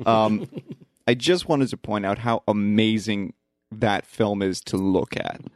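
A man's voice: on the low side, slow pace, dry recording, clean studio sound. Chatty man hosting a film podcast. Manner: relaxed, chatty, laughs often. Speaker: podcast host. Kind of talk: casual film discussion.

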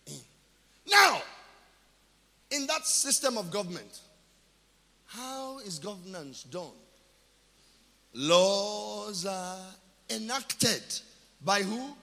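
A male pastor with a Nigerian accent preaching a sermon. He asks questions and answers them himself, then builds to shouted declarations. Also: sits high, long reverb tail. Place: church.

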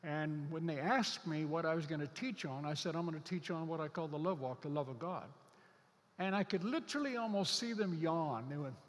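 Male pastor, slightly high voice, earnest sermon delivery with drawn-out emphasis; long hall reverb. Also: lively intonation. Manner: earnest, stretches out key scripture words for emphasis.

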